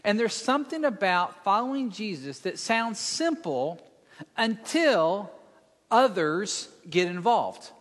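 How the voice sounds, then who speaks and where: A man preaching a sermon as a pastor, speaking slowly and deliberately and now and then mimicking a whiny voice. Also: high voice, lively intonation, a bit bright, big-room sound. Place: church.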